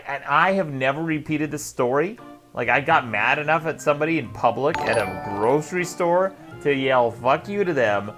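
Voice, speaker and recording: A man's voice: a little high, a bit bright. A man hosting a live stream, reading viewer messages aloud in a sardonic, mock-tyrannical way and laughing often. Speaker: host. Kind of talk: live stream chat, reading super chats.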